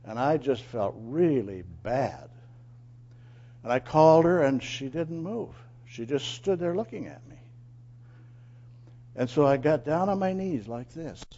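Animated man telling a moral story. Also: fairly high pitch, a little slow, pauses often, muffled recording. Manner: animated, asks listeners questions, acts out quotes. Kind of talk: storytelling sermon.

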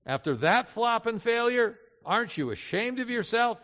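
A man voicing a sly male devil who taunts and coaxes with sharp rhetorical questions. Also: very high voice, expressive, normal speed, voice pushed up. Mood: taunting. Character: sly tempting male devil, accusing and coaxing. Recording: dull hall recording with long reverb.

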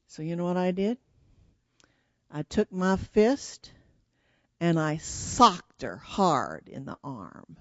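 A woman leading a church children's sermon, telling an animated story and asking the children questions. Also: low voice, a little slow, no room sound, lo-fi sound.

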